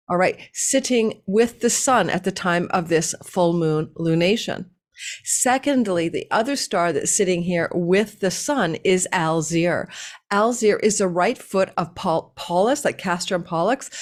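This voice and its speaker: A woman hosting her own astrology channel, talking straight to viewers in a lively way, running through lists and leaning hard on key words. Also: lowish voice. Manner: enthusiastic, tumbling lists with sudden stresses. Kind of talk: casual monologue to viewers.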